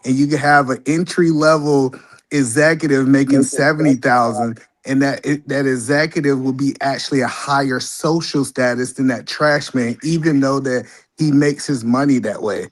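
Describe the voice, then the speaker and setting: A man hosts a live-stream debate. He argues his point earnestly at a mid pitch. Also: fairly even intonation, moderate pace.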